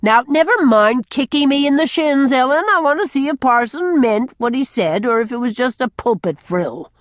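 A woman's voice: mid-range voice, big pitch swings, normal speed, dry recording, clean studio sound. A woman playing a blunt, teasing old man. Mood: challenging. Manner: gruff, bold and teasing. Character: blunt loud older man who baits parsons.

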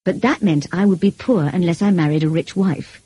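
Brooding passionate gentleman read by a woman, intense, pleading, mellow, breathy. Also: on the low side, a little fast, dry recording, low-quality recording. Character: brooding passionate middle-aged gentleman, man. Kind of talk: audiobook character reading.

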